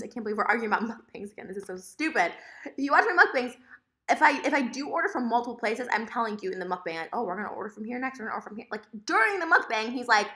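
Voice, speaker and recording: Fast, animated woman vlogger ranting. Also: a little high. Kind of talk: casual vlog monologue. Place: at home.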